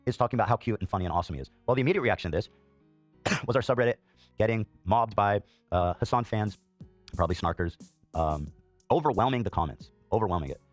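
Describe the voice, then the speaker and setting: A man's voice: on the low side, animated, quick pace, no echo, soft background music. A male podcast host giving heated reaction commentary, swearing, coughing and filling gaps with "um".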